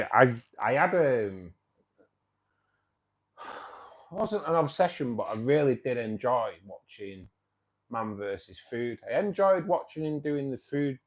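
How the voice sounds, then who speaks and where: A man, hosting a casual live-stream chat about his hobby, rambling with lots of fillers and restarts. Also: on the low side. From England. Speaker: fishkeeping club host.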